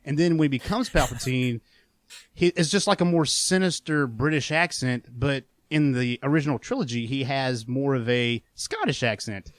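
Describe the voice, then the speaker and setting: A man co-hosting a podcast, chatting casually with lively, laughing asides. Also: medium pitch, moderate pace, no echo. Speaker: podcast co-host.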